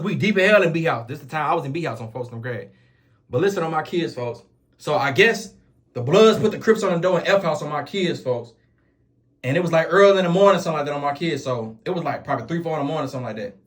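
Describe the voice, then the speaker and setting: A man with a Chicago accent telling a story in casual street slang, swearing oaths as he goes. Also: a little high. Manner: rapid, animated street slang with repeated oaths. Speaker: storyteller vlogger.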